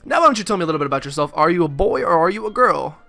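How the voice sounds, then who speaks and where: A man's voice: on the high side, animated, very fast, vocal fry, pushed and bright, no echo, faint music behind, full character voice. A man reading a male professor character's lines from a video game in a mild put-on voice. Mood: formal. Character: older male professor, formal game narrator.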